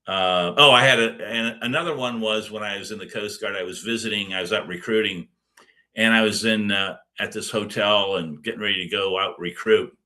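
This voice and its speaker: A man's voice: fairly low pitch, a little fast, sharp tone. A middle-aged man giving a casual recorded lecture as a course instructor, rambling with many fillers and restarts.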